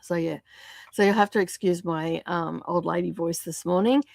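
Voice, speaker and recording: A woman hosting a casual livestream, greeting viewers and chatting, her voice croaky from a sore throat. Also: lowish voice, steady tone, normal speed, darkish tone, dry recording. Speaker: livestream host. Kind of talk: casual livestream chat reading out viewer comments.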